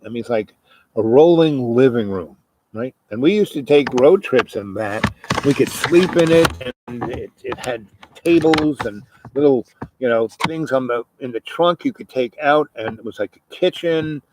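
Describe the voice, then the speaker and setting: A man spinning a meandering personal story at a middle pitch, wandering off into asides and fillers. A steady hiss of background noise runs under the voice. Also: normal speed. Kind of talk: rambling spoken storytelling.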